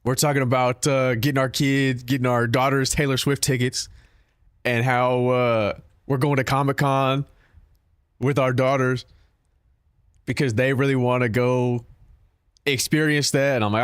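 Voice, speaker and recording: A man's voice: medium pitch, flat delivery, moderate pace, long pauses, smooth, no echo, clean studio sound. A man streaming a game, chatting casually and profanely with his viewers, joking and talking back to chat.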